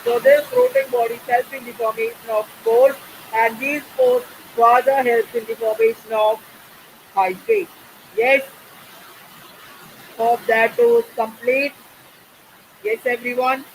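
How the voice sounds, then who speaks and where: A man teaching a biology class online, often pausing to check in with his students. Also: very high voice, lively intonation, slight background noise, low-quality recording. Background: faint rain.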